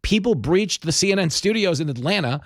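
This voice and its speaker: Animated, emphatic male commentator. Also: high-pitched, a little fast, no echo. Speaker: podcast host. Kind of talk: opinion commentary.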